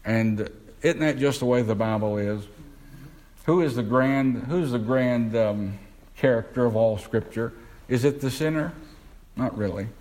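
A man with a medium-pitched, darkish voice preaches a sermon, asking the congregation questions and slowing down to stress key words. The recording is rough.

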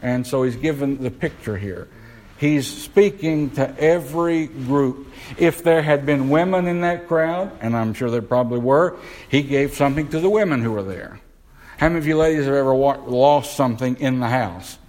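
Delivering a sermon, this man poses questions to his congregation and slows to emphasize important words. His voice is medium in pitch with a darkish tone, captured on a low-quality recording.

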